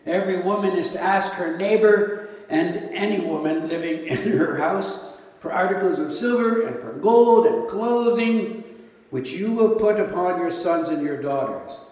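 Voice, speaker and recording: Higher-voiced pastor in an echoey hall. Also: male voice, moderate pace, darkish tone. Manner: conversational, asks rhetorical questions. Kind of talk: sermon. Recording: echoey hall, mic at a distance.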